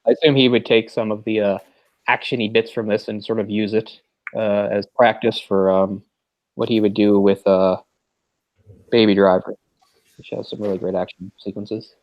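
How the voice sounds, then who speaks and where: A commentary host chats casually through a movie watch-along, his fairly low voice flat and at normal speed. The recording is echo-free with the highs cut off, and he rambles with lots of "like," putting on mock voices to retell scenes.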